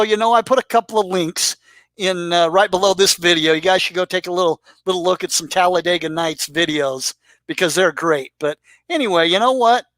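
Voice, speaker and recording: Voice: medium pitch, fairly bright tone, no echo. A YouTube commentator talking casually and crudely as he roasts the regulars of a live-stream chat, teasing and rambling. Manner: rambling with restarts. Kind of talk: casual profane roast monologue.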